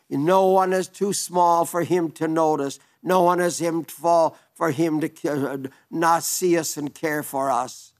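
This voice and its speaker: A man preaching a sermon in an earnest, emphatic way, quoting old-fashioned scripture. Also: on the high side.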